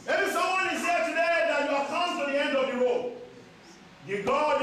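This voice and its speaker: A man's voice: extremely high pitch, normal speed, bright, forceful tone. A male pastor preaching a sermon with emphatic, repeated phrases in a church hall. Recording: echoey church hall from far off.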